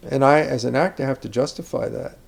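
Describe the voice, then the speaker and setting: A man's voice: mid-range voice, fast, creaky. An older man, an acting teacher, speaking reflectively about character in a conversational interview, rambling with asides and restarts.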